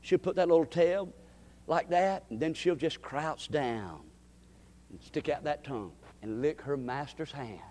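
A man preaching a sermon, dropping to a hush and rising to shouts. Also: fairly high pitch, measured pace, big-room sound. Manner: dramatic swings from hushed to shouting.

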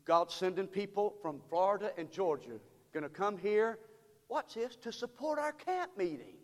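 A middle-aged man preaching a sermon as pastor, swinging from hushed talk to shouting. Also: high-pitched, expressive, normal speed. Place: church sanctuary. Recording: long reverb of a church hall.

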